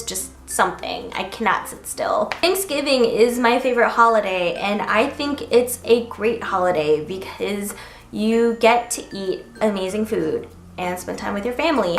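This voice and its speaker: A woman's voice: mid-range voice, fairly bright tone. A young woman chatting casually to camera in a vlog, bubbly and giggly, with lots of "like" fillers. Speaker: vlogger. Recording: roomy echo, faint music behind.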